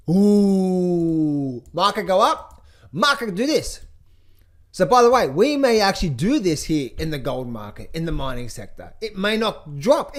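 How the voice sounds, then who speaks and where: A middle-aged man coaching on trading, talking over charts in an energetic, playful way, chanting phrases in a sing-song repetition. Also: high voice. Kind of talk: casual market commentary over charts.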